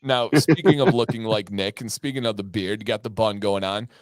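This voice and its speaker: A man hosting a casual livestream, upbeat and animated, telling stories and laughing often. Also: on the low side, brisk, no echo, clean studio sound. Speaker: livestream host.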